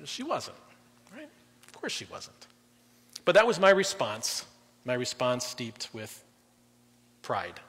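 A middle-aged man preaching a sermon as guest pastor, conversational, swinging between loud emphasis and quiet drops. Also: mid-range voice, huge pitch swings, takes it slowly, long pauses, slightly rough. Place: church auditorium. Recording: long reverb in a large hall.

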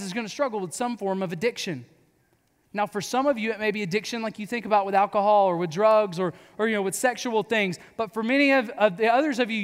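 A man's voice: extremely high pitch, fairly bright tone. A man in his thirties preaching to students, telling funny stories about himself in a casual, joking manner. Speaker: youth pastor. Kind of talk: youth sermon. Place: large hall with audience. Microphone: clip-on mic. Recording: long hall reverb.

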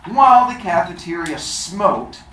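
A woman's voice: fairly low pitch, big pitch swings, a little slow, a bit bright, slight background noise. A woman teacher with the hiccups, reading a novel aloud to her class in a chatty, plain way. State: has the hiccups. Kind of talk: classroom read-aloud and discussion. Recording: echoey classroom with children's chatter.

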